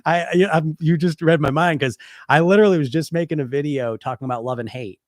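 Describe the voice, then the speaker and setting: A man's voice: on the high side, quick pace, no echo, studio quality. Blunt, stuffy-voiced man coach. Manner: blunt, rambling, lots of "you know" fillers. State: stuffy from a cold. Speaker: podcast host and hypnotist weight coach. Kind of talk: casual live-stream talk answering questions.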